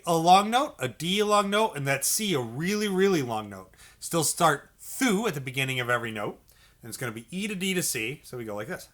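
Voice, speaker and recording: Male music teacher, encouraging and patient, bright tone, a bit high, demonstrates by singing note syllables. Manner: patient, encouraging, repeats checks like okay and all right; sings syllables to demonstrate notes. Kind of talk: instructional video lesson.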